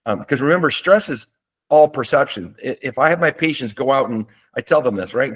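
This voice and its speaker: Man teaching calmly in a webinar. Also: medium pitch, brisk, slightly rough. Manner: relaxed explanatory, with fillers and restarts. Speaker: doctor presenting a webinar. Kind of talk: webinar lecture. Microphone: seated at a desk.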